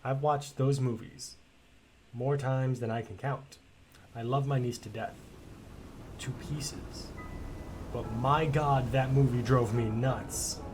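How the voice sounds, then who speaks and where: A man's voice: mid-range voice, fairly even intonation, slow, pauses often, a little mellow, slight background noise. Chatty, blunt male game streamer. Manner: chatty and blunt, swears freely, rambling asides. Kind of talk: casual let's-play commentary.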